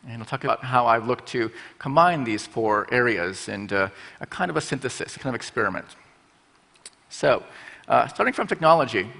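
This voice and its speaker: A man's voice: medium pitch, animated, a little fast, gravelly, pushed and bright. Playful man speaking in a big hall. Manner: playful, acts out little voices for fonts. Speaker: speaker giving a talk. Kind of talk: conference talk. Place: conference stage in a large hall. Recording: large hall with long reverb.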